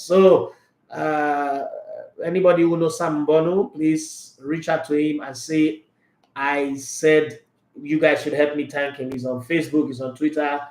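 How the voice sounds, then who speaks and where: A man's voice: fairly high pitch, darkish tone, echoey room. A Nigerian man hosting a sports show, chatting casually and rambling with fillers and restarts, moved and emotional. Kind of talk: casual podcast chat.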